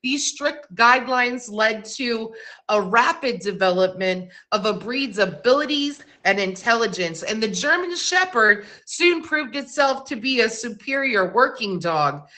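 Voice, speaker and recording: Bright, slow-talking woman hosting a trivia stream. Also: on the high side, lively intonation. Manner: chatty, asks quiz questions and reads facts with small slips. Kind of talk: casual live-stream trivia, reading facts aloud.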